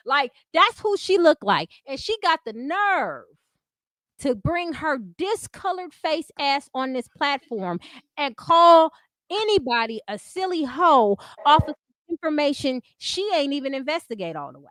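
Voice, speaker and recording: A woman's voice: sits high, lively intonation, measured pace, a bit bright, dry recording, clean studio sound. A woman hosting a livestream, ranting in a profane, combative way and answering her chat in casual speech. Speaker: livestream host. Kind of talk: heated casual commentary.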